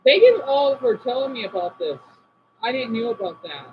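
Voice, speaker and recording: Talking at a normal speed in a sing-song voice, an American streamer chats loosely and scatteredly with his audience, his pitch bouncing as he wanders between ideas and reacts to chat aloud. A faint hum runs beneath the dull, lo-fi sound.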